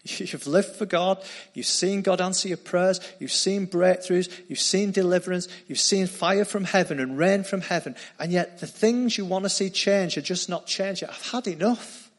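Brief: male preacher, higher voice, earnest storytelling sermon. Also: moderate pace, few pauses.

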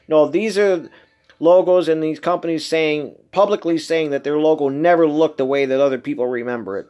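A man's voice: on the high side, moderate pace, a little mellow. A man hosting a casual solo podcast monologue, talking emphatically and incredulously, with heavy swearing. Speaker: podcast host.

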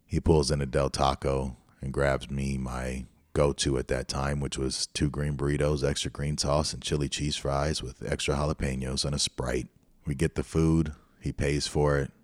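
A man's voice: extremely low pitch, level tone, normal speed, no echo, studio quality. A middle-aged man hosting a podcast, telling a personal story in a candid, reflective way. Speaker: podcast host. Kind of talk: storytelling monologue.

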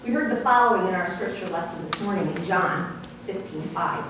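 A woman pastor giving a sermon in a measured, explaining way with light asides, in a church sanctuary. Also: lowish voice, noisy background. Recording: echoey hall from far off.

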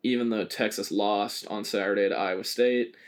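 A man with a somewhat low voice co-hosts a casual sports podcast. He talks in a loose, joking way, tossing in swear words and plenty of filler. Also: steady tone, moderate pace. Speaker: podcast co-host.

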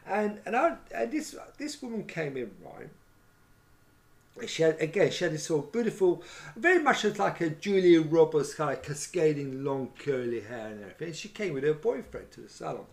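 A man's voice: on the high side, sing-song, moderate pace, gravelly. A middle-aged man, telling rambling anecdotes about his years as a hairdresser in a casual chat. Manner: rambling storyteller, many fillers like "right?" and "you know what I mean?". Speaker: former hairdresser telling stories.

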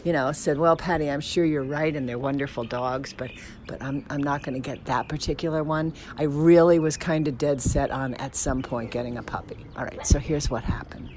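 A middle-aged woman telling a rambling personal story about dogs at home, animated, with squealing quoted excitement. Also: deep voice, normal speed, slight background noise. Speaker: dog owner telling a story. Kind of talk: casual storytelling. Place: outdoors then indoors at home with dogs.

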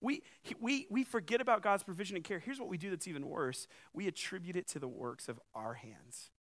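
A man's voice: sits high, lively intonation, brisk, fairly bright tone. A young man preaching a sermon in a conversational way, with joking asides and rising emphasis. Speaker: pastor.

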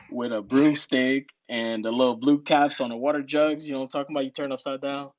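A man's voice: mid-range voice, little pitch movement, fairly quick, no echo, dull audio. A young man from New Jersey, a podcast guest telling stories in a laid-back way, laughing often. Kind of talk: casual storytelling.

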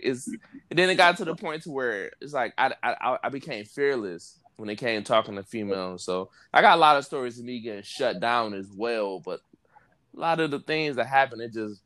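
A man's voice: medium pitch, animated, normal speed, fairly bright tone, no room sound. A man hosting a podcast, telling laid-back slangy stories and laughing often, with speech. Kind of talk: casual storytelling chat. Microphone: phone app recording.

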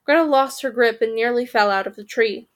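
A woman's voice: on the high side, a little fast. A woman reading a children's fantasy story aloud, voicing the characters and stopping to correct her own slips.

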